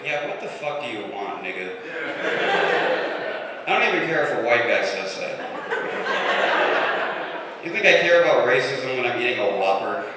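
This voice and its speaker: A young man in his twenties doing a deadpan stand-up set, slipping into voices for the people he quotes. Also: medium pitch, distant mic. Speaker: stand-up comedian. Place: comedy club stage. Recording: roomy live club recording with room noise. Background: audience laughter.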